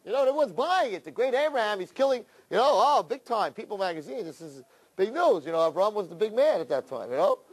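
A man's voice: sits high, very animated, fast talker, slightly rough. A male rabbi giving a sermon on scripture, telling it as a story with many rhetorical questions.

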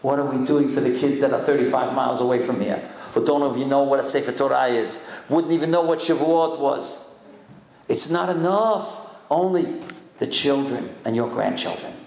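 A man's voice: mid-range voice, normal speed, gravelly, darkish tone. An older man, a rabbi, giving a sermon as an impassioned storyteller who urges his congregation with rhetorical questions. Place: hall with a congregation. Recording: echoey room.

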